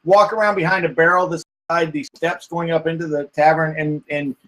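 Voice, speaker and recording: A man's voice: a little high, fairly even intonation, fairly quick, fairly bright tone, poor audio. A man running a tabletop game as game master, narrating scenes in a rambling way with many fillers. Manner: rambling, many fillers and restarts while describing.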